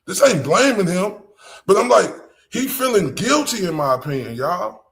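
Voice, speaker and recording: A man's voice: high-pitched, sing-song, normal speed, gravelly, a bit bright. A man with a Southern US accent hosting a live stream, talking bluntly and with profanity straight to his chat. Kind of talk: casual live-stream commentary.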